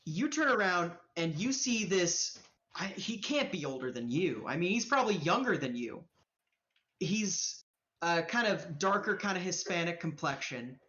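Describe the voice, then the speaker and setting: A woman's voice: lowish voice, animated, measured pace, fairly bright tone, lo-fi sound. A woman running a live-streamed tabletop game as game master, narrating casually with lots of swearing and fillers. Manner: casual, profane, rambling with fillers.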